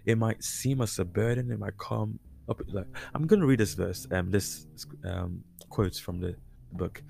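A man's voice: lowish voice, unhurried, gravelly, darkish tone. A man hosting a Christian podcast, teaching casually and conversationally with frequent fillers and restarts. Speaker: podcast host.

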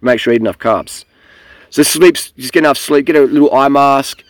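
A young man with a gravelly, fry-laden voice, speaking close and dry with almost no room sound. He rambles bluntly, swearing freely as he lectures other riders. His pitch sits at an ordinary middle height. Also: brisk, no echo. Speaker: cycling vlogger. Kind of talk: casual rambling monologue. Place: outdoors.

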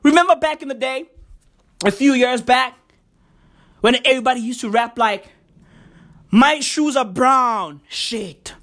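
A woman's voice: sits high, moderate pace, long pauses. A woman from South Africa delivering a profane, slangy, incredulous comedic rant to camera. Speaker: commentator.

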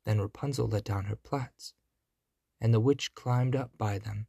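A man reading a fairy tale aloud in a measured storybook manner. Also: lowish voice, gravelly, warm tone, slightly rough, no room sound, studio quality.

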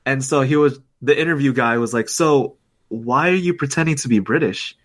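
A man's voice: mid-range voice, moderate pace, a bit bright. A young man co-hosting a podcast, rambling through casual chat and laughing often. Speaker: podcast co-host.

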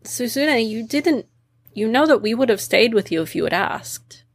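Eager spirit girl, voiced by a woman: perky, proud, excitable. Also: a little high, normal speed, slightly rough.

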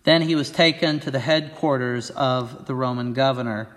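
A man, a pastor, reading scripture aloud and preaching at a church service in a clear, earnest voice. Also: mid-range voice, moderate pace, fairly bright tone, in a large hall.

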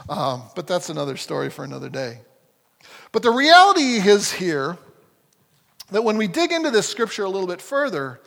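A man preaching a sermon as a pastor, talking in a lively, conversational way with frequent restarts. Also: high voice, vocal fry. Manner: animated, conversational, self-correcting. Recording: long hall reverb.

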